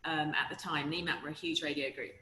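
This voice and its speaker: A woman's voice: deep voice, fast, slight background noise. Woman, RP southern English accent, chatty storyteller, interview guest, echoey room. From southern England. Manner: chatty, lively anecdotes with frequent ums. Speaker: voiceover artist, guest.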